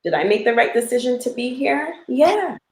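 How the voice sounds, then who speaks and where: A woman's voice: on the high side, sing-song, normal speed, a little mellow, reverberant, rough recording. A woman from the United States, a guest on a live chat, talking casually and laughing easily as she trails off mid-sentence. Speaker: guest, lives in Italy.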